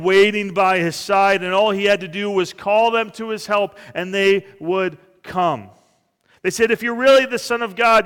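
A man's voice: on the high side, fairly bright tone, clear, resonant tone. Earnest preacher man in a reverberant hall. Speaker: pastor. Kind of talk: sermon.

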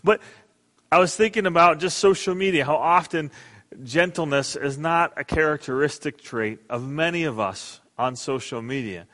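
A middle-aged man preaching a sermon as pastor, earnest and emphatic, dropping soft and quiet in prayer. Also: a little high, normal speed, in a large hall.

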